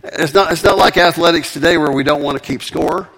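A man preaching a sermon with emphatic, animated delivery and frequent repetitions. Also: a little high, brisk.

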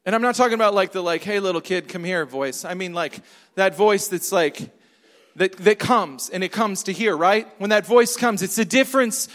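A pastor preaching a sermon, emphatic and repetitive, asking the congregation questions. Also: male voice, high-pitched, moderate pace, a bit bright. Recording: long hall reverb.

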